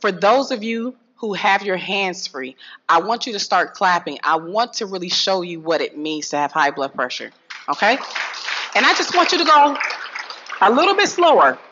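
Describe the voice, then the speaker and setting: A woman giving a lively health talk to an audience, swinging from low asides to loud calls. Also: normal speed, slight background noise. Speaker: health speaker addressing an audience. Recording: dull lo-fi sound.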